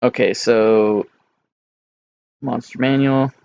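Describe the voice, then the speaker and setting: A man running a tabletop game as dungeon master, talking casually with pauses and fillers. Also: mid-range voice, fairly even intonation, creaky, a little mellow, clean tone, highs cut off.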